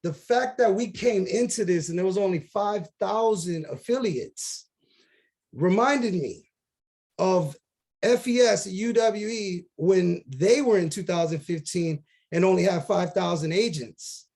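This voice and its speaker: A man's voice: sits high, a little slow, creaky, a little mellow. Earnest man telling a motivational story. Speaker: team member. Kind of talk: motivational video call talk. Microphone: video call.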